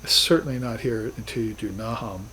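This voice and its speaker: A man's voice: fairly low pitch, normal speed, sharp tone, slight background noise, rough recording. A man teaching a class on spiritual philosophy, talking in an earnest, reflective way with emphatic bursts. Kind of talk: recorded class lecture.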